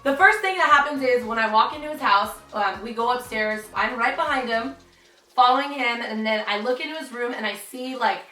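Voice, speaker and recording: A woman's voice: on the high side, fairly quick, bright, forceful tone. A young woman telling a dramatic story in a chatty vlog, full of "like". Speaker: vlogger. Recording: roomy, distant, faint music.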